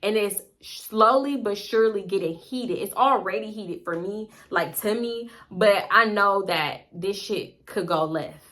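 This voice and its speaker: Animated, cussing woman telling a storytime. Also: medium pitch, unhurried, hardly any pauses. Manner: animated, profane, acts out every voice. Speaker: storytime vlogger. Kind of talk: storytime vlog.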